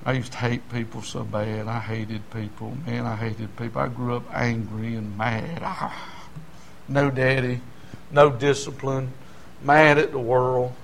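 A middle-aged man, preaching a folksy testimony sermon that swings from quiet asides to shouting. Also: medium pitch, little pitch movement, a little slow, creaky, a little hiss or hum.

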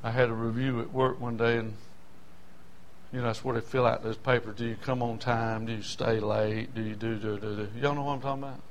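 An older man preaching a sermon, passionate, dropping from hushed storytelling to shouting. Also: mid-range voice, flat delivery, brisk, slight background noise. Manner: impassioned, swings from hushed to shouting.

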